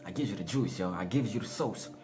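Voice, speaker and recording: A man's voice: fairly low pitch, fast, over music. A man giving a casual motivational monologue, laughing often, swearing and calling his listeners y'all. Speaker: motivational speaker.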